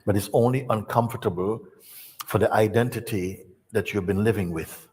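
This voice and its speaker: A man speaking as a spiritual teacher, giving an unhurried storytelling talk to an audience. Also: on the low side, darkish tone, husky, in a large hall.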